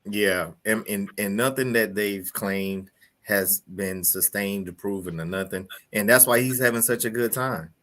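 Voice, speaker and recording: A man's voice: lowish voice, unhurried, a bit bright. A man co-hosting a casual talk show, full of exclamations and laughing reactions.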